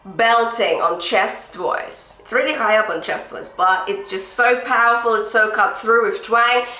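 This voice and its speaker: Female vocal coach, encouraging and directive, bright tone, echoey room. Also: fairly high pitch, unhurried, faint music behind. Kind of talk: singing lesson with sung demonstrations.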